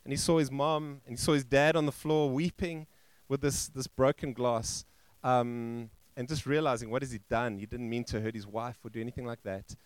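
A male pastor telling a story in a sermon, halting and restarting, and acting out the quoted voices. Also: medium pitch, fairly even intonation, clean tone, dry recording. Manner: halting, with frequent restarts and fillers. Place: church.

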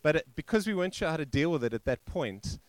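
A male pastor telling a story in a sermon, halting and restarting, and acting out the quoted voices. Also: fairly high pitch, sing-song, no echo. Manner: halting, with frequent restarts and fillers. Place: church.

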